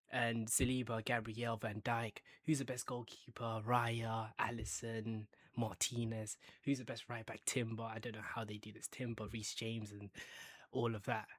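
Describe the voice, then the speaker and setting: A man's voice: mid-range voice, fairly bright tone, no echo, studio quality. A man hosting a casual football chat, ranking players with banter and bursts of hype. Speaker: football fan channel host.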